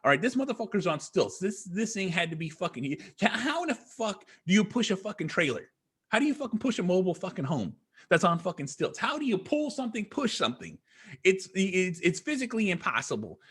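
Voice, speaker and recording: A man's voice: high-pitched, very animated, a little fast, fairly bright tone, breathy edge. A man, a podcast guest, tells a rambling story in casual chat, swearing constantly and hammering his points. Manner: profane, rambling, emphatic.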